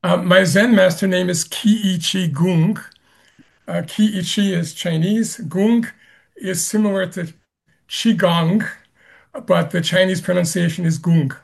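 A man being interviewed as a Zen master guest, speaking haltingly with many pauses and frequent throat clearing. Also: high-pitched, steady tone. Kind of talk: interview answers.

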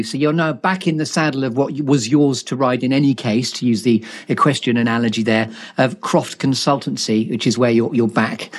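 A middle-aged man hosts a live online interview with an animated, playful delivery. His voice sits at an ordinary middle pitch. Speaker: host.

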